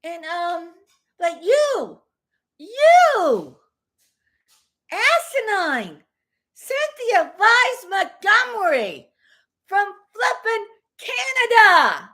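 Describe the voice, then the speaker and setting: A woman with a high voice rants straight into her home vlog camera. Her pitch leaps up and down, and she lets some words drag out slowly. She is blunt and rambling, with mild swearing. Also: huge pitch swings, sharp tone. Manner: rambling and repetitive. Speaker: vlogger. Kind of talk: casual vlog rant.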